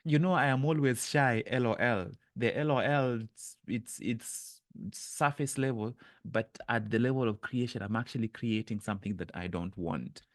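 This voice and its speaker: A man's voice: mid-range voice, dry recording, clean studio sound. Earnest man coaching an online group. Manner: earnest, halting, restarts and repeats words. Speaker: mindset coach leading an online session. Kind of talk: live online coaching talk. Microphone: webcam.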